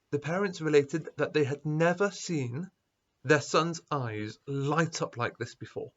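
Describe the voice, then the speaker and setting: A man speaking as a rabbi at a school assembly, telling a story with lively quoted dialogue. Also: a little high, measured pace, dull audio. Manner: animated storyteller, acting out quoted voices.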